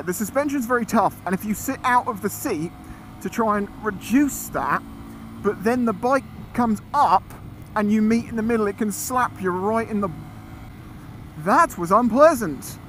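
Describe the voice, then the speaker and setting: A man talking casually as he rides a motorcycle, chatty and excitable, often exclaiming. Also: high voice. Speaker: motorcycle vlogger. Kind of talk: casual ride commentary. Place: outdoors on a moving motorcycle. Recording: loud wind and engine noise.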